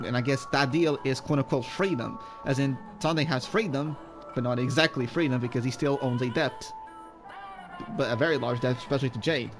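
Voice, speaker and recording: A man casually commenting while playing through a game story, rambling and restarting his sentences. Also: mid-range voice. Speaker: gaming YouTuber. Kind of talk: casual let's-play commentary.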